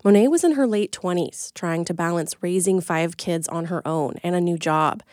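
A woman reporter giving measured, scripted narration in a plain storytelling manner. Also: fairly low pitch, darkish tone, dry recording, studio quality. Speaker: radio reporter.

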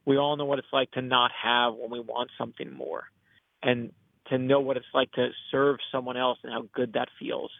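A middle-aged man speaks with a gravelly edge in an earnest, animated storytelling way. He comes through a tinny phone line with a dry, close sound. His pitch sits mid-range. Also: moderate pace, no room sound. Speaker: author and guest. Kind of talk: casual interview storytelling.

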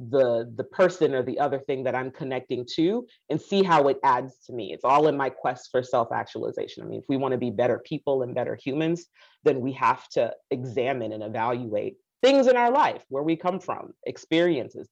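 A woman's voice: a bass voice, a little mellow. A woman born in Haiti telling her life story with passion, acting out the voices of people she quotes. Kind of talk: personal storytelling talk. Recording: dull lo-fi recording.

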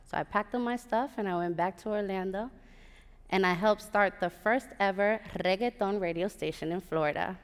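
A woman from Puerto Rico telling a personal story on a theater stage, animated, with sassy asides to the audience. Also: mid-range voice, normal speed, clean tone. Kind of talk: live storytelling performance. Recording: live theater with long reverb.

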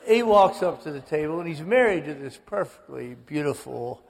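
A man in his sixties from the American South, an author telling lively family stories as an interview guest, sometimes slipping into quoted voices. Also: fairly high pitch, normal speed, gravelly, in a large hall, noisy background. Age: 60s. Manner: animated storyteller, slips into quoted voices. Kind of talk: storytelling interview.

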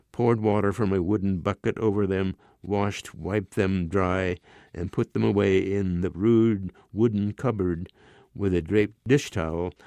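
A man in his nineties reading aloud his own short story in a measured, expressive way. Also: fairly low pitch, gravelly, no echo, clean studio sound. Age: 90s.

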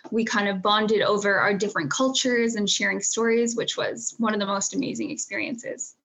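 A woman's voice: medium pitch, moderate pace, vocal fry, fairly bright tone. A young woman in her twenties, a graduating student answering interview questions in an earnest, reflective way, with fillers and small laughs. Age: 20s.

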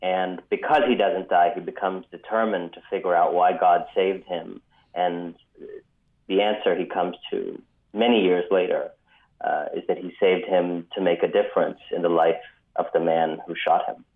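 A man, an author guest on a radio interview, telling a story in a measured way with frequent ums. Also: low-pitched, flat delivery. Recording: phone-line audio.

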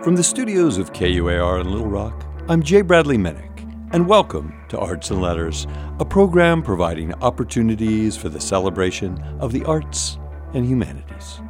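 A man's voice: fairly low pitch, very animated, normal speed, over music. A male public radio host introducing and interviewing an author, in a polished, announcer-like way.

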